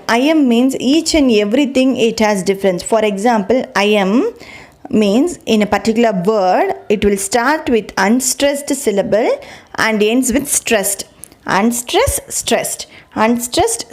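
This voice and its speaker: A woman giving a lecture on poetry. Her voice sits a little high, and she talks patiently, going over each point more than once and often restarting mid-sentence. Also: a little mellow. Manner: explains step by step, repeats points, frequent restarts. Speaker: literature teacher. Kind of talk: recorded lecture.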